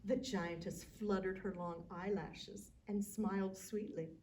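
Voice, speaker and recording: A woman's voice: medium pitch, steady tone, slow, distant mic, a little hiss or hum. Woman librarian reading to kids. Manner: gentle, chatty asides to young listeners. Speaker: children's librarian. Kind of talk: children's storytime reading.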